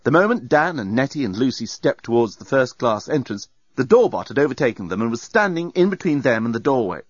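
Wry, expressive male audiobook narrator. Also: mid-range voice, a little fast, slightly rough, dry recording, lo-fi sound.

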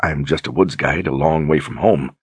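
An earnest young lord who talks plainly and humbly, as the narrator reads him. The voice is very deep and husky, close to the mic in a dry, dead space. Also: male voice, normal speed, dry recording, full character voice. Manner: earnest and apologetic.

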